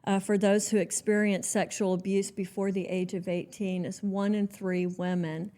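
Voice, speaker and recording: A woman hosting an interview podcast in a mellow, warm voice at a mid pitch. She speaks in a measured, earnest way and chooses her words carefully as she leads the conversation. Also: little pitch movement. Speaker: podcast host.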